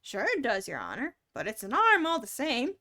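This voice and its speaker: A woman's voice: fairly high pitch, wildly swooping pitch, normal speed, sharp tone, exaggerated voice. A woman voicing an eager, simple male servant who answers deferentially in a storybook reading.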